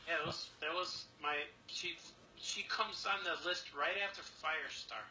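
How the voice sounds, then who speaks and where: A man's voice: a little high, normal speed, pushed and bright, slight background noise, rough recording. A man co-hosting a live stream, chatting casually and eagerly about old cartoons he loved. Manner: enthusiastic, nostalgic cartoon fan. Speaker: co-host. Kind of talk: casual chat. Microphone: headphones.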